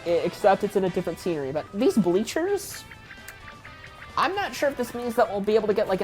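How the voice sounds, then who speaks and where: A woman with a Southern US accent giving casual, rambling commentary while playing a video game, with lots of fillers. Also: fairly low pitch. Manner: rambling, self-deprecating, many fillers. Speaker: let's player.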